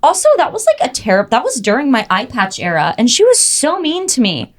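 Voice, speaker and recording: A young woman co-hosting a podcast, telling stories in animated casual chat, full of "like" and "oh my God". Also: high-pitched, fairly quick. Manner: animated storytelling, frequent "like" and "oh my God". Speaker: podcast co-host.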